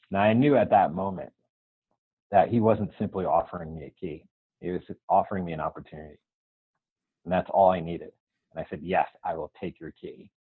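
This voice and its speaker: A man with a low, husky voice tells his life story to an interviewer in an earnest tone. He acts out the conversations as he goes and keeps checking in with "right?". The sound is dry and narrow, as if it came over a phone line. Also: dry recording. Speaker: guest.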